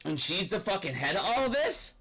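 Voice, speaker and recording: Young male commentator, profane rambling rant, slightly high voice. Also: lively intonation, moderate pace, a bit bright, poor audio. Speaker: finance commentator. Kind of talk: ranting commentary.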